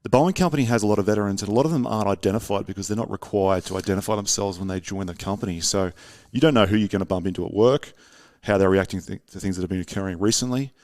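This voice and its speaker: A man's voice: lowish voice, racing, few pauses, a little mellow, no room sound. A man hosting a podcast, asking long, friendly, searching questions. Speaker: podcast host. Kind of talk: interview questions.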